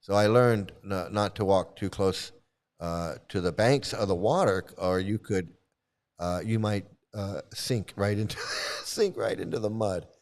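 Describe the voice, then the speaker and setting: A man casually telling a personal story, halting often and repeating his phrases as he restarts. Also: on the low side. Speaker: vlogger recounting past experiences.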